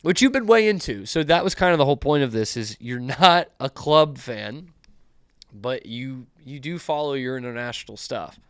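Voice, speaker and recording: A man's voice: mid-range voice, expressive, clean tone, no echo, studio quality. A man hosting a casual sports podcast, teasing his cohost with a sarcastic edge. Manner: sarcastic, quick to tease. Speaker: podcast host.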